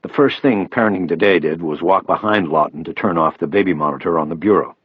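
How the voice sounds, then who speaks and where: A man narrating a crime audiobook in the first person, with expressive, steady storytelling. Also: low-pitched, quick pace, slightly rough, no room sound, narrow, tinny audio.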